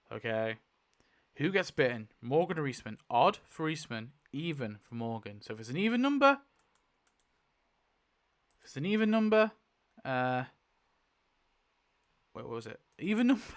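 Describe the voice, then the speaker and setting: A man's voice: medium pitch, fairly bright tone. A man hosting a casual video, thinking aloud as he goes, swearing freely and laughing often. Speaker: YouTube host. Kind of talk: casual commentary while spinning a wheel.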